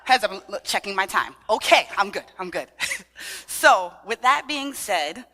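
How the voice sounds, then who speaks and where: A bright, forceful woman with a sing-song Trinidadian-tinged New York lilt, playfully working a conference crowd. Her voice rings through a large hall with long reverb from the PA. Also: medium pitch, a little slow. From Brooklyn, of Trinidadian family. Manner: sing-song, animated, playful, leads call-and-response. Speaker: dance workshop leader. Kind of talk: lively talk to a conference audience.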